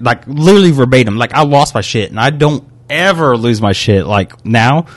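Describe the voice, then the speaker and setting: A man's voice: mid-range voice, a little fast, few pauses, no echo. Young guy podcast co-host, swears constantly, worked-up storyteller, dry close sound. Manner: profane, heated, animated retelling. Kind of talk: casual chat, storytelling a complaint.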